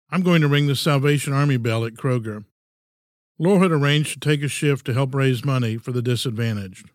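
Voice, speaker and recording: A man in his sixties hosting a podcast, giving an earnest, measured, folksy reflective monologue. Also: medium pitch, no echo, clean studio sound. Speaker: podcast host.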